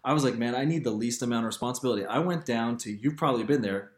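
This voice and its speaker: A man speaks as an interview guest, animated and quick to laugh as he tells his stories. His voice sits at an ordinary middle pitch for a man. The recording carries a noticeable roomy echo. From Canada. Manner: animated storyteller, laughs often. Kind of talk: casual interview storytelling.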